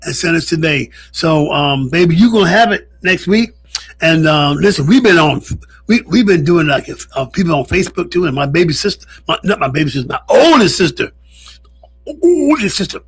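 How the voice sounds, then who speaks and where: Gravelly-voiced man co-hosting radio chat. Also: fairly high pitch, a little fast. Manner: laughing storyteller. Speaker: co-host. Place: radio studio.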